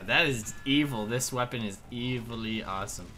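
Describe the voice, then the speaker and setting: Young male host, gaming chatter, quick reactions, bright voice, faint noise behind. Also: medium pitch. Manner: excited, blurts reactions to gameplay. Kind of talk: casual gaming chat.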